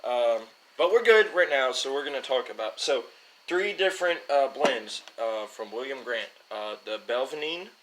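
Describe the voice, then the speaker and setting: A man's voice: medium pitch, expressive, normal speed, a bit bright, a little hiss or hum, poor audio. A young man casually rambling as host of a whiskey-tasting talk, fumbling names and joking at himself. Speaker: show host.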